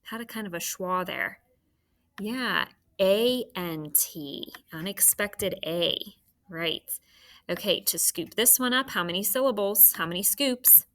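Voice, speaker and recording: A woman's voice: medium pitch, expressive, slow, a bit bright. A woman teaching a phonics lesson to children, patient and encouraging as she sounds out words.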